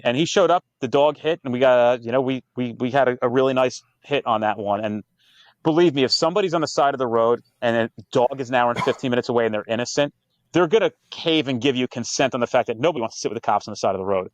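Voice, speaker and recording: Fast-talking profane man telling stories. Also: medium pitch, no room sound. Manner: profane, storytelling with quoted dialogue. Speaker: guest, police trainer. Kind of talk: casual podcast chat.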